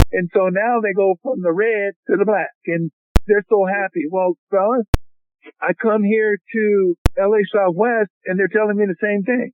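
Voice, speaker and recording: An older man with a noticeably high voice talks with energy and keeps addressing his listeners as "fellas". His words come through a narrow, tinny phone line. A faint hiss sits underneath everything he says. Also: normal speed. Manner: animated storyteller who keeps addressing the hosts as "fellas". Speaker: college football head coach and guest. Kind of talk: phone interview.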